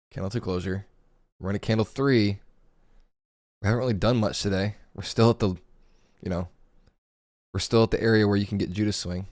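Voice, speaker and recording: A man with a hoarse, gravelly voice giving casual live commentary while day trading, thinking aloud over his charts. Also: fairly low pitch, a little mellow, no room sound, clean studio sound. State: hoarse, voice going.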